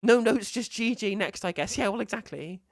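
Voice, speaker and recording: Fast, swearing woman streamer, dry sound. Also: mid-range voice, no room sound. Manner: animated, incredulous, swears freely. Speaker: streamer reacting to a clip. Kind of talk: live stream commentary.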